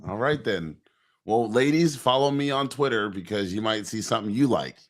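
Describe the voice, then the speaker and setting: A man's voice: on the low side, animated, normal speed. A man co-hosting a casual podcast, laughing and defending himself in an easygoing way.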